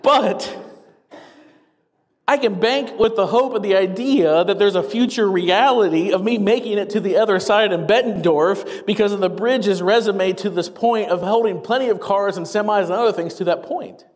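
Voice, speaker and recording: High-voiced energetic pastor preaching. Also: male voice, in a large hall. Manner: energetic, fast and excited, with wry asides. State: getting out of breath. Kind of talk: sermon.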